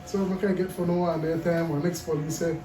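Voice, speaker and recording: Man spinning an animated story in a noisy barbershop. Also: fairly high pitch, a little fast, far from the mic. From Belize. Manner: animated storytelling, laughing often. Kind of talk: casual chat. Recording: echoey room with background noise.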